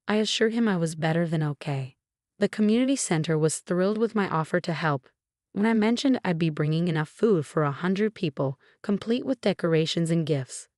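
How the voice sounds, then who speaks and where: A young adult woman narrating a scripted story in first person, calm and intense. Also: lowish voice, dry recording, studio quality.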